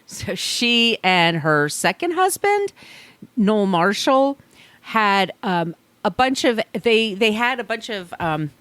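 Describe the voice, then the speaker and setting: A woman co-hosting a podcast, telling stories in a mid-pitched voice, chatty and quick to laugh, with plenty of ums. The sound is dry and close to the mic. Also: very animated, fairly bright tone, no room sound. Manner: chatty storytelling, laughs often, filler-laden. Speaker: podcast co-host. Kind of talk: casual chat.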